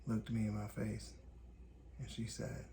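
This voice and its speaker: A man from Indiana hosting a podcast, telling a personal story in calm, deliberate, short measured phrases. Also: on the low side, a little hiss or hum. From Gary, Indiana, USA. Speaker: podcast host. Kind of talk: reflective personal storytelling monologue.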